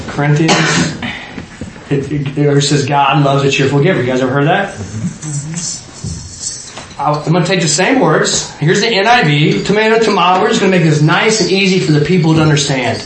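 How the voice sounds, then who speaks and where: Speaking at normal speed with long pauses, a man with a slightly high voice leads an interactive Bible study as its teacher. He's an adult parent who chats casually, questions his small group, and often begins sentences again. The recording has room echo and a little noise.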